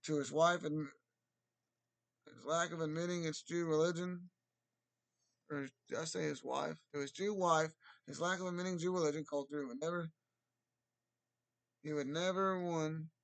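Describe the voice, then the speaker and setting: Male solo commentator, higher-pitched, rambling delivery, frequent restarts, loud mocking put-on voices. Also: steady tone, normal speed, vocal fry, pauses often.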